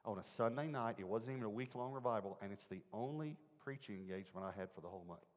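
A man's voice: lowish voice, fast. A man preaching a sermon, telling a personal story in an earnest, conversational way and putting questions to his listeners. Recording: long hall reverb.

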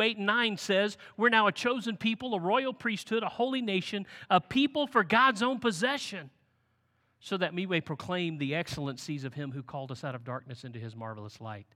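Bright-voiced male pastor in a reverberant hall. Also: high voice. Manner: animated storytelling with big swings in loudness. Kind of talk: sermon.

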